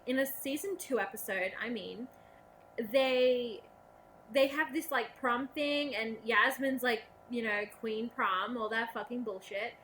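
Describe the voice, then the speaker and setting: Profane, bright-voiced young woman ranting. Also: sits high, slight background noise. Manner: profane, sarcastic, animated ranting with mocking quoted voices. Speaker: vlogger. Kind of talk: casual rant to camera.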